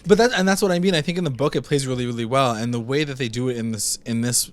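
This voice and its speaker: Man, TV recap co-host, casual chat, animated, heavy swearing, acts out quotes. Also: medium pitch, rapid-fire.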